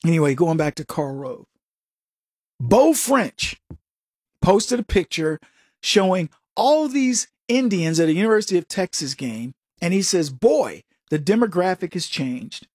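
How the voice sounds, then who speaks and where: Husky, lively middle-aged male commentator. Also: sits high, a little slow, no echo, studio quality. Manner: sarcastic, preachy, addresses listeners as folks. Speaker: political commentary host. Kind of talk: opinionated monologue.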